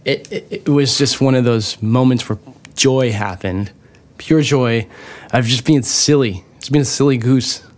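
A man telling his own recovery story in a casual, rambling way, with many fillers and restarts, swearing now and then and getting animated over the funny parts. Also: mid-range voice, a little slow.

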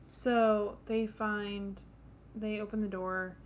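A woman's voice: medium pitch, flat delivery, slow, a little hiss or hum. A woman co-hosting a podcast, casually narrating film scenes step by step and quoting characters. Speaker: podcast co-host. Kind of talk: casual chat recapping a film.

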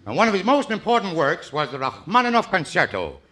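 A man's voice: high voice, huge pitch swings, sharp tone, a little hiss or hum. A man hosting a 1940s radio comedy show, bantering in a joking, boastful manner. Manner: joking, boastful, quick comic delivery. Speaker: host and singer. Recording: 1940s radio broadcast recording.

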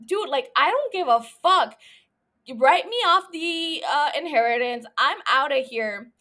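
A woman's voice: sits high, lively intonation, measured pace, pushed and bright, exaggerated voice. Woman doing a blunt, defiant young man. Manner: blunt, profane, exasperated.

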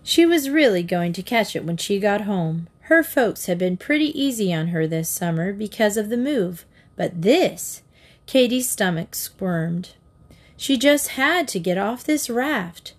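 A woman narrating a children's storybook in a calm, measured reading. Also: medium pitch. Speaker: audiobook narrator.

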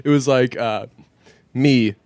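A man's voice: mid-range voice, slow pace, a little mellow, no echo. Profane, rambling man telling stories. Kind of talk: casual chat.

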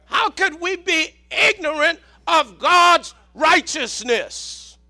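A man with a Southern accent preaching a sermon, shouting for emphasis and repeating words. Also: very high voice, animated, slow pace.

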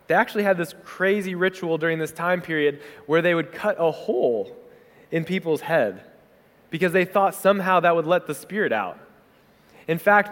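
A man preaching a sermon as pastor, conversational and animated, slipping into quick acted asides. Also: on the high side. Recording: hall reverb.

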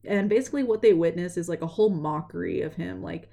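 A woman retells a story casually and in a rambling way, earnest and reflective, leaning heavily on "like" and "you know." Her voice is on the low side and mellow, with vocal fry and a quick pace.

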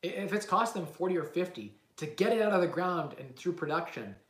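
With a high, animated, brisk voice and a fairly bright tone, a young man from Canada hosts a casual livestream with live Q&A. As a real estate investor, he rambles through questions self-assuredly, with lots of fillers and restarts, in an echoey, roomy room.

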